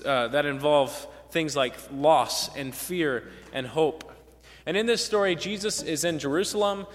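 A man with a fairly high voice gives a relaxed, storytelling sermon to his congregation. He keeps turning to his listeners with little "right?" check-ins. His voice rings out with a long reverb tail in a big church sanctuary. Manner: storytelling, relaxed, frequent "right?" tag questions. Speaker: pastor. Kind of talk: conversational sermon.

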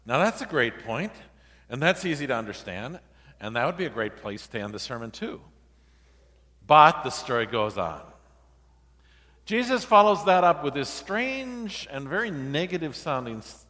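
A male pastor preaching a sermon in a relaxed, conversational, storytelling way, acting out the quoted dialogue. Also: medium pitch, moderate pace, big-room sound.

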